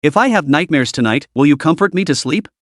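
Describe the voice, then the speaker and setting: A coquettish young mistress who acts sweet and helpless in a whiny, sugary voice, as a man puts her on. The voice sits a little high and swings freely in pitch. It is a storybook-style comic recap read close and dry. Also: expressive, fairly quick, no echo, natural voice.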